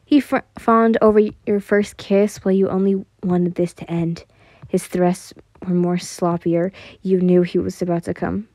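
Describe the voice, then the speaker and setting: A woman narrates a second-person fan fiction story and then chats casually to her channel's listeners. Her voice is soft and mellow, and she often trips over words and restarts. The recording is dry and close. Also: on the low side, flat delivery, moderate pace, no room sound.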